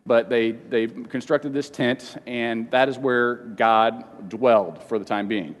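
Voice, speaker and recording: A man teaching a Bible lesson to a congregation in a casual, halting way, often repeating words and slipping in jokes, at times emotional. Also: mid-range voice, steady tone. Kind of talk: informal teaching sermon with questions to the room. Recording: long reverb of a large hall.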